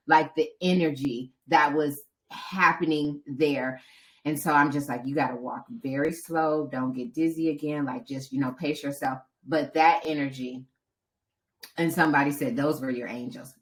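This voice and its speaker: Low-voiced woman telling a vivid story. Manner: animated storytelling, acting out other people's lines. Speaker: podcast co-host and marathon runner. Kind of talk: casual podcast chat.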